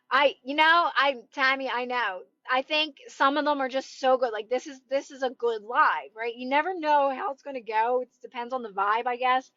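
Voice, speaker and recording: Woman, high voice, loud, emphatic, reassuring, live-stream coaching, dull phone audio. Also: normal speed, no room sound. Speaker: manifestation coach. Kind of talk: casual live-stream advice talk.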